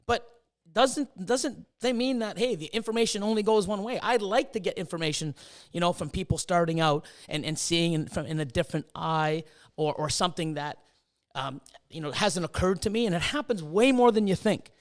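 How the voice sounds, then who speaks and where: A man's voice: high voice, moderate pace. A middle-aged man hosting a casual chat, swearing freely and acting out his own past reactions. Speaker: host.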